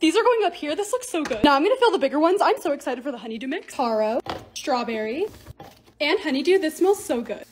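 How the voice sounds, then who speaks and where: Bubbly young woman vlogging, high voice that jumps all over, talks fast, little bit of hiss behind. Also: lively intonation. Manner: bubbly, chatty, upbeat. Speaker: lifestyle creator. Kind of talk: casual vlog narration.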